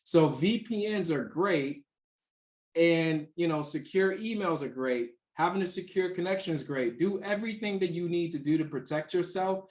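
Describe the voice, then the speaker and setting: A man with a somewhat high voice explains security in a loose, conversational way, telling stories and restarting his sentences. He sounds like an instructor answering questions. His voice carries the echo of a reverberant room. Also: normal speed. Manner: chatty, anecdotal, many fillers and restarts. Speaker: cybersecurity instructor.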